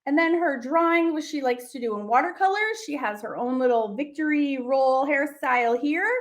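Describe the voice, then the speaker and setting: Bubbly high-voiced woman art teacher. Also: moderate pace. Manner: bubbly, gushing, chatty with many fillers. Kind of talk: casual livestream lesson.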